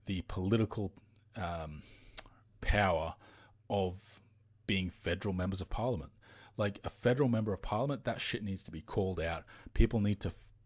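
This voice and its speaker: A man's voice: low voice, breathy edge. An Australian man hosting a live stream, ranting heatedly in casual commentary with frequent fillers and some swearing.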